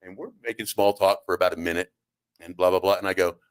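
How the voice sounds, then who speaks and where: A middle-aged man hosting a talk radio show, telling comic stories in a rambling, halting way and acting out the quotes. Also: deep voice, fairly even intonation. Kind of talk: comedic storytelling on talk radio. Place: radio studio.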